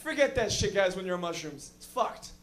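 Man, very high pitch, stand-up comic, rambling, profane, lounge stage. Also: animated, brisk, a bit bright. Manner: rambling, profane, frequent fillers. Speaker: stand-up comedian. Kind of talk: stand-up comedy set.

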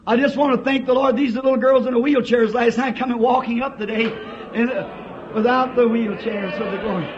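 A man with a Southern US accent preaching an old-time revival sermon in a church, swinging from shouts to hushed asides. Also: extremely high pitch, steady tone, normal speed, a crowd in the background. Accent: Southern United States. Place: church service. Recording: dull lo-fi sermon tape.

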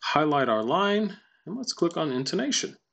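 A man walking through a software tutorial casually, thinking aloud and reading lines out to test them. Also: fairly high pitch, big pitch swings, moderate pace, creaky. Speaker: tutorial presenter. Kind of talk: screen-recorded software tutorial.

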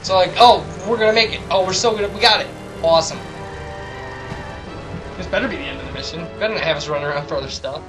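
A man narrating his own video game run in a loose, rambling way, drifting into self-mocking asides. His voice sits a little high, with game music playing clearly under him. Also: fast, rough recording. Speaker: let's play commentator. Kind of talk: casual gaming commentary.

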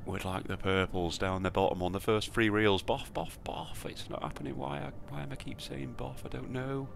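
With slight background noise, a creaky, lowish male voice talks briskly in a level tone. This British slot streamer swears and jokes sarcastically about his own spins during casual live commentary, muttering to himself between outbursts.

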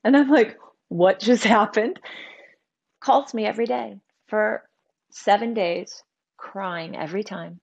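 A middle-aged woman tells a personal story as an interview guest. She is animated and switches into the voices of the people she quotes. Her pitch sits in an ordinary middle range. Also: unhurried, highs cut off. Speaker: author and guest.

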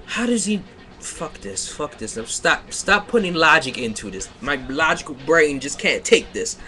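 A man's voice: on the high side, very animated, normal speed, pushed and bright. A man giving a comedic reading of a badly written story, breaking off to mock it in sarcastic asides. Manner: sarcastic, breaks off to rant and laugh. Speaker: reader mocking a fan fiction. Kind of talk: comedic dramatic reading with commentary.

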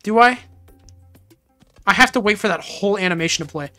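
Young adult streamer, casual excitable game commentary, bright forceful tone. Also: mid-range voice, a little fast, soft background music. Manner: excitable, exclamatory reactions.

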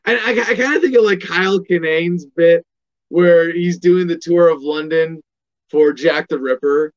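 High-voiced man ranting on politics. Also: a little slow, lo-fi sound. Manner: emphatic, asks and answers his own questions. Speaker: political commentator. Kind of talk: political commentary monologue.

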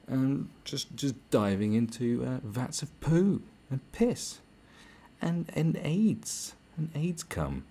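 A man's voice: mid-range voice, very animated, takes it slowly, warm tone, breathy edge. A British man hosting a podcast, delivering a sarcastic, profane rant. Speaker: podcast host. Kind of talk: podcast monologue.

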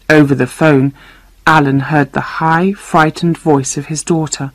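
Slow, low-voiced woman reading a story. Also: steady tone, no room sound, poor audio. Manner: slow, clear reading for learners. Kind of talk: scripted narration of a graded reader.

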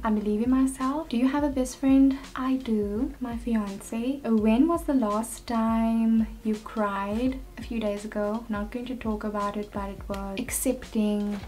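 A young woman vlogging casually while getting ready at home, chatty, and her voice turns animated now and then. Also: a little high. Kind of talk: casual get-ready-with-me chat.

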